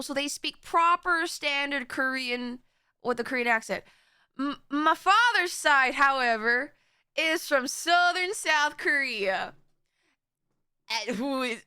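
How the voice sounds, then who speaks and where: Giggly young streamer girl from florida rambling at chat, high voice, super dry close sound. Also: pushed and bright, clear, resonant tone, no room sound. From Florida, USA. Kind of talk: casual reaction stream chat.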